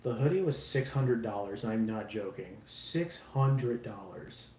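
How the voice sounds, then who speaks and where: There's a roomy echo and faint background noise as a man chats with his stream viewers while assembling a model kit. His lowish, darkish voice has lively intonation, unhurried with hardly any pauses, and he's rambling, self-deprecating, and free with swearing.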